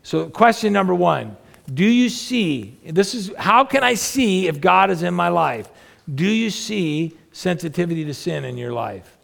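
A man delivers a sermon in a loose, conversational way, throwing rhetorical questions at his listeners. His voice sits a bit high and carries a thick gravelly rasp, and a long reverb trails behind each phrase. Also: big pitch swings, measured pace, a bit bright. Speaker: pastor.

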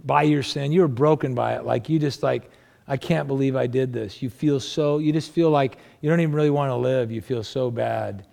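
A man preaching as a pastor, talking to the congregation in a conversational way and asking many rhetorical questions, moving between emphatic raised passages and low, quiet asides. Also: fairly quick, gravelly, hardly any pauses. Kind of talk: sermon.

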